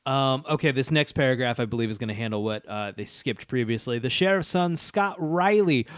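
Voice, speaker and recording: A man's voice: medium pitch, no room sound, studio quality. A man co-hosting a podcast in casual chat, laughing often as he reads a plot summary aloud and adds asides. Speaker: podcast co-host. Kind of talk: casual movie-recap chat.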